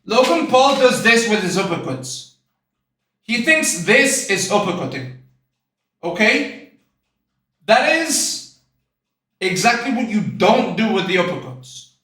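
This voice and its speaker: A man streaming casual reaction commentary, excitable and blunt, repeating himself and swearing as he explains technique. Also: high-pitched, takes it slowly, pauses often, heavy reverb, far from the mic.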